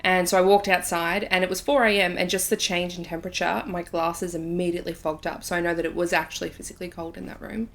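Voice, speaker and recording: A woman's voice: lowish voice, fairly even intonation, fast talker, hardly any pauses. A woman hosting a podcast, chatting casually and telling a story with lots of fillers. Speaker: podcast host. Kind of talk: casual chat.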